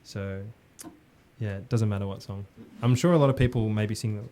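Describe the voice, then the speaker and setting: A man's voice: on the low side, brisk. A young Australian man, a musician guest, chatting loosely in a radio studio and laughing often. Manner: relaxed, rambling, laughs often. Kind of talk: casual interview chat.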